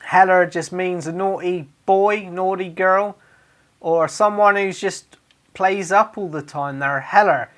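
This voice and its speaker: A man with a Cornish accent, a radio DJ, doing a comic monologue where he reads out sayings and throws in loud, exaggerated dialect phrases. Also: sits high, steady tone, measured pace.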